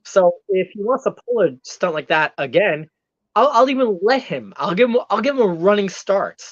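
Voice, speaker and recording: A man's voice: high voice, very animated, moderate pace, no echo. Guy doing a swaggering heel wrestler guy, bragging and ranting, voice swings all over, dull dry lo-fi audio. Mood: cocky. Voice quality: boastful, ranting, taunting. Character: brash arrogant male heel wrestler persona. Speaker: guest. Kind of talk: in-character comedic rant.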